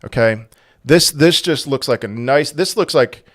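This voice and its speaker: Halting man hosting a crypto livestream. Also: medium pitch, dry recording, clean studio sound. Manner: halting, full of restarts, turns loud and heated when angry. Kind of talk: casual livestream chat reading viewer questions.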